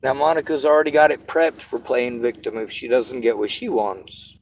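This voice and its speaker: A man's voice: mid-range voice, fairly even intonation, moderate pace, slight background noise, poor audio. A man venting frustrated commentary in a vlog, ranting and swearing. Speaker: vlogger.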